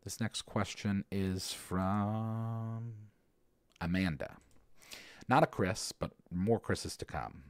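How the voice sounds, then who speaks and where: A man's voice: lowish voice, takes it slowly, clean tone, dry recording. A man in his thirties from the American South, hosting a casual show and rambling through listener questions with lots of fillers and restarts. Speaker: podcast host answering listener questions. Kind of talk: casual chat.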